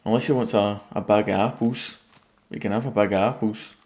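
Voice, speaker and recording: A man's voice: on the low side, fairly even intonation, fairly quick, darkish tone. A man casually commenting on his gameplay late at night, rambling and joking with viewers. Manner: rambling, jokey, talking to viewers. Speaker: gaming YouTuber.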